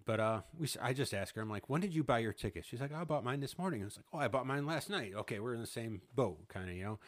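In a mid-range voice with lively intonation, a podcast host in his thirties tells a story quickly during a casual chat. He laughs a lot, swears, and acts out people's words.

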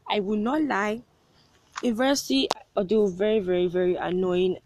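A woman's voice: mid-range voice, fairly even intonation, moderate pace, darkish tone, a little hiss or hum. A young woman in her first year at university, chatting to her viewers and telling a story with repeated words and frequent laughter. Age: young adult. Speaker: vlogger. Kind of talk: casual storytelling to camera.

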